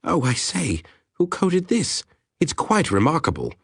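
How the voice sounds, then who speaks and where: A male narrator voicing a nervous, excitable linguist with fussy, proper exclamations, in an audiobook. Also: on the high side, a little slow, creaky, slightly rough, dry recording, studio quality, pitched above the performer's own voice, heavily acted. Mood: fascinated.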